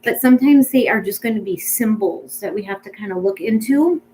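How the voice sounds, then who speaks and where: A woman speaking as a pet psychic medium in a casual reading, chatty and rambling with many ums, gentle and reassuring. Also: mid-range voice, brisk, slight background noise, low-quality recording.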